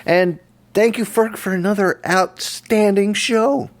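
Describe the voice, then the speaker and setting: A man hosting a podcast in relaxed, casual chat. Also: high-pitched, slow pace, no echo. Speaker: podcast host.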